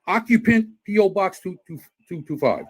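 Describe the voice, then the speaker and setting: A man filming a heated argument at a post office, talking loud and combative, repeating himself and talking over others. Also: high voice, lively intonation, normal speed, slightly rough. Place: indoors at a post office counter.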